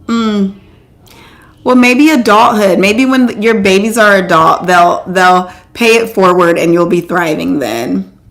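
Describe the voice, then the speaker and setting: A woman in her forties chats on a casual live stream and answers her viewers one comment at a time. Her delivery is loose and rambling, with lots of "like" and "um". Her pitch jumps up whenever something excites her. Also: takes it slowly, vocal fry. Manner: animated, voice jumps up when excited. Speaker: host.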